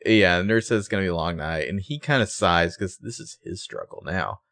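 A man co-hosting a podcast, retelling scenes with wry, animated asides in casual chat. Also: low voice, a little fast, gravelly. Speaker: podcast co-host.

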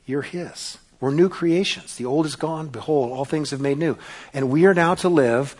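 Emphatic pastor, man, fairly high voice. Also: normal speed, slightly rough. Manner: emphatic, repeats key words, swings from loud to hushed. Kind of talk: sermon.

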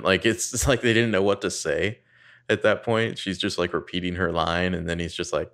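Deep-voiced man sardonically recapping a movie. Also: steady tone, normal speed, fairly bright tone. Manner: profane, sardonic, rambling. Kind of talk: casual film recap chat.

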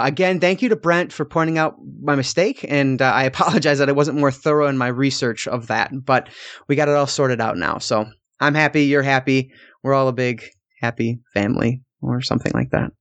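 A man's voice: medium pitch, a bit bright, no room sound. A man hosting a film podcast, chatting casually with loose, profane asides. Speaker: podcast host.

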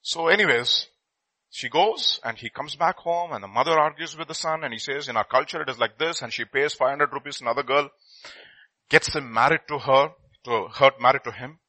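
A middle-aged man telling a story in a sermon, swinging between loud and hushed. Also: mid-range voice, moderate pace, dry recording, low-quality recording.

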